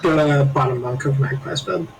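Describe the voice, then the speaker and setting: A man's voice: medium pitch, normal speed, a little hiss or hum, rough recording. A man playing a tabletop game, making dry jokes about his character. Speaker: player.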